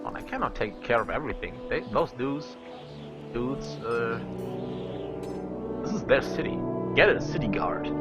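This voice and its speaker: A man's voice: medium pitch, lively intonation, normal speed, long pauses, highs cut off, loud music behind the voice. A man casually commenting on a game he is playing and reading its dialogue aloud, with joking, sarcastic asides. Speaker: let's play host.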